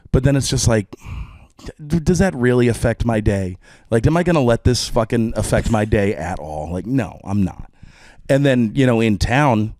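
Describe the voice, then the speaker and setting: Texan drummer, podcast guest; candid, profane, rambling; dry close mic. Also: male voice, mid-range voice, darkish tone, no echo. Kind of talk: casual conversation.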